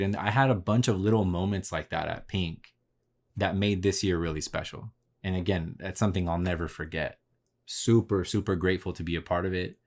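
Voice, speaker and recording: A man's voice: deep voice, darkish tone. A man hosting a podcast, telling a story in a casual, slangy, profane way and replaying his own conversations. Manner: laid-back, slangy and profane, retelling conversations. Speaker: podcast host.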